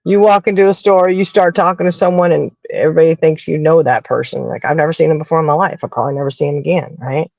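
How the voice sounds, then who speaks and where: A Southern American woman talks in a relaxed, chatty way, like she is telling a story to friends. Her voice has a gravelly edge and sits in the middle of the range. The recording is dry and a little dull. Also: low-pitched, quick pace, few pauses, no echo. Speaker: podcast host. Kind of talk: casual chat.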